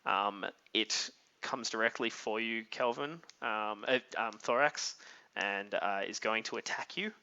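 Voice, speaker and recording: A man narrating a tabletop game as game master, describing scenes in a halting, thoughtful way with many pauses. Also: fairly low pitch, bright, forceful tone, smooth, highs cut off.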